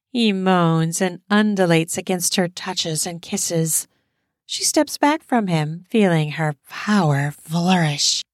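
A woman narrating an erotic audio story in a steady, explicit storytelling manner. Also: mid-range voice, no room sound, studio quality.

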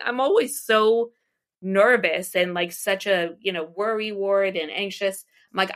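A middle-aged woman from the United States tells her stories in a loose, rambling way, with restarts and little laughs along the way. Her voice sits a bit low for a woman. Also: measured pace. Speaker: interview guest, astrologer and psychic medium. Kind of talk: casual storytelling interview.

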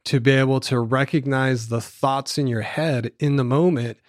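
Man explaining calmly on a podcast. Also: mid-range voice, normal speed, no room sound, clean studio sound. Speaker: podcast co-host.

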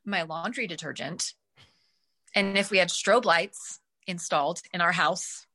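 Brief: woman guest, bright tone, animated personal storyteller. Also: fairly low pitch, measured pace. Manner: animated, acts out her own past reactions. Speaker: guest, mother telling her son's story.

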